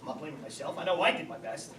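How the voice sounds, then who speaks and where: A man's voice: on the high side, animated, very fast, lightly acted. An actor playing a harried, blustering middle-aged father of the bride on stage, heard from a distance in an echoey room with background noise. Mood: mournful. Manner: blustering, exasperated. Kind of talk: stage play performance.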